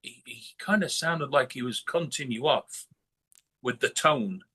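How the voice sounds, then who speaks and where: Blunt, bright, husky-voiced man from northern England. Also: medium pitch, animated, unhurried. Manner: blunt, heavy swearing, many restarts. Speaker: guest musician. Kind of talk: casual interview chat.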